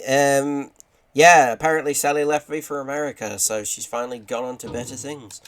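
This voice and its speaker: A man's voice: steady tone, moderate pace, a bit bright. A man streaming a game live, joking around and reading in-game messages aloud. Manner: jokey, chatty, reads game texts aloud in a low voice.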